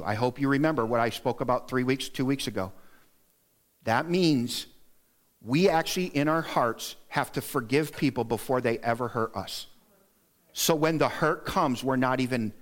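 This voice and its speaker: A middle-aged male pastor delivers a sermon in a church sanctuary. He speaks earnestly in a mid-range voice, counting off practical points and pushing his pitch upward for emphasis. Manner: earnest and exhorting, lists points, rises in pitch to stress them.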